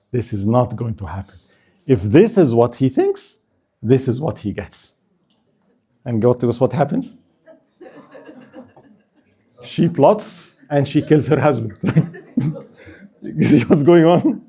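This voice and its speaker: A man's voice: medium pitch, sing-song, slow pace, pauses often, warm tone, slightly rough. A man giving a casual history lecture at an Islamic center, often checking in with "right?" and joking with his listeners. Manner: keeps asking the audience "right?", joking and laughing.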